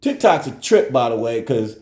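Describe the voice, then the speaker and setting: A man's voice: mid-range voice, normal speed, echoey room. A man telling a casual story to his viewers at home, acting out every person's voice as he goes. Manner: animated, acts out everyone's voices. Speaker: vlogger.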